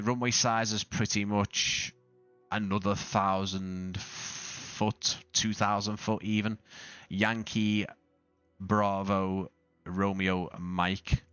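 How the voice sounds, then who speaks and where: Man, low voice, crisp bright tone, dry close mic, rambling live-stream chat, restarts a lot. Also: no room sound. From not Australian. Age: adult father. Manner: rambling, self-correcting, with frequent restarts and fillers. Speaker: flight sim streamer. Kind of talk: casual live-stream commentary.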